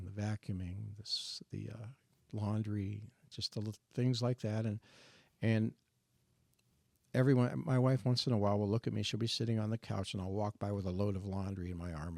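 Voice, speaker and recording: Gravelly low-voiced man in his sixties. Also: little pitch movement, darkish tone, dry recording. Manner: earnest and reflective, halting with restarts. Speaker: guest sharing his testimony. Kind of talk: personal testimony in a faith discussion.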